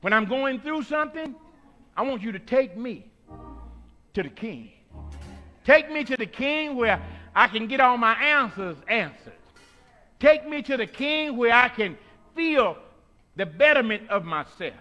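A man with a very high, bright, forceful voice preaches in a church with soft music behind. He whoops and shouts, then drops low and quiet in a rhythmic call-and-response style. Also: lively intonation, unhurried, pauses often, lo-fi sound. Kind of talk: sermon.

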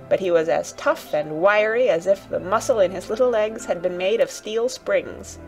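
A woman narrating a children's audiobook in a gentle, even storytelling manner. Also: medium pitch.

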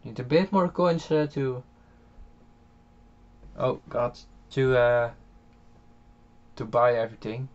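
A man's voice: medium pitch, slow, pauses often. Hesitant Dutch-accented man on a dull mic. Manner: hesitant, many filler sounds and restarts. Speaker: game channel host. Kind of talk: casual gameplay commentary voiced afterwards.

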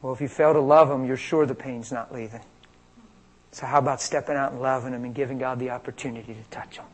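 An American man from Pennsylvania preaching an informal sermon on healing, energetic and conversational, swinging between loud and quiet. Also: medium pitch, fast, low-quality recording. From Pennsylvania, USA. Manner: conversational, energetic, big swings in loudness, plays out dialogue.

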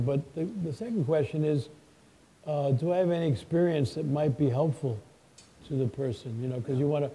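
Dark-voiced man telling stories on stage. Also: a little high, slightly rough, poor audio. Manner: folksy anecdotes, lively retelling with quotes. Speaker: guest author. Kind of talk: live stage conversation, storytelling.

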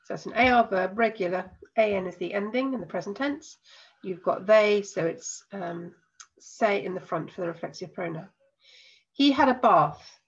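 A woman's voice: medium pitch, slightly rough. English lady teacher, got a cold, patient and explaining, kinda muffled sound. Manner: patient, explanatory, spells out endings slowly. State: has a cold. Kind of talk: recorded online lesson.

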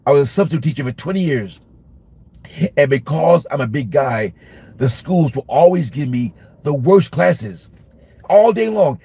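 A middle-aged male minister giving an informal Bible study, emphatic and repetitive, sometimes acting out shouting at a class. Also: on the high side, husky. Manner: emphatic, repeats phrases, acts out shouting at a class.

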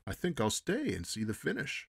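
A man's voice: mid-range voice, wildly swooping pitch, normal speed, vocal fry, slightly rough, dry recording, studio quality, voice pushed up, exaggerated voice. A man doing a haughty, scornful ambassador. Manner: haughty, contemptuous.

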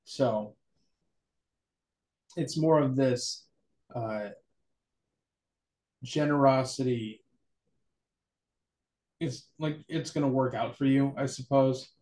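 A man's voice: mid-range voice, slow pace, long pauses. A man co-hosting a casual church talk show, joking and musing aloud, then reading scripture verses. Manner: animated, jokey, muses aloud. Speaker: church podcast co-host.

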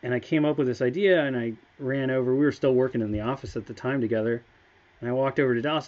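Man, mid-pitched, enthusiastic casual livestream host, slightly muffled sound. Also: fairly even intonation, fast talker, darkish tone. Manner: enthusiastic, chatty storytelling. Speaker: game studio staff member.

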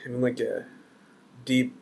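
Slow, rambling male beer reviewer. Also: medium pitch, fairly even intonation, creaky, a little mellow, slight background noise. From Canada. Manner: rambling, joking, thinks aloud with fillers.

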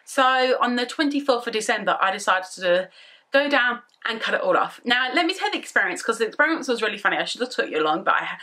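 A young woman vlogging casually from her bedroom, rambling through an excited story. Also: a little high, fast. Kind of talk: casual chatty vlog.

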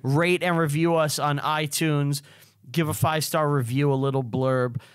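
Guy co-hosting a chill podcast, kinda sleepy, slightly higher voice, dry close mic. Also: fairly even intonation, moderate pace, clear, resonant tone, no echo. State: sleepy, yawning. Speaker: podcast co-host. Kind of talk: casual podcast chat.

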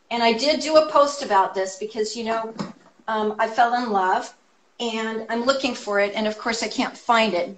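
A woman's voice: fairly high pitch, fairly bright tone. A woman, a guest artist from California, chatting enthusiastically on a video call with lots of ums. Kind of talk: casual chat.

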